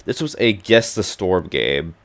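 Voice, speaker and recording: Young male, low-pitched, hoarse from losing his voice; offhand, filler-heavy screen-share narration. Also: lively intonation, measured pace. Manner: rambling with many "like" and "um" fillers. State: losing his voice, clearing his throat. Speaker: hobby programmer showing his projects. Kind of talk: casual screen-recorded walkthrough.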